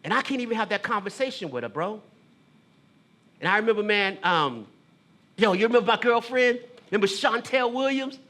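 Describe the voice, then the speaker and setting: Bright-voiced man telling a confessional story. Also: high-pitched, expressive. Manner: casual street talk, addressing a brother with "bro" and "man"; emotional, confessional, halting. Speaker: theater artist and poet. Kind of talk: theatrical storytelling monologue.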